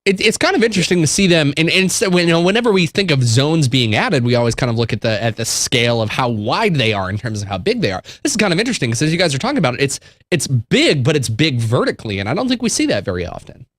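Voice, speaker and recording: Guy filling in as host on a gaming show, high voice, super lively ups and downs, chatty. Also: dry recording. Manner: animated, chatty, quick asides. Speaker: stand-in host. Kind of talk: casual gaming show chat.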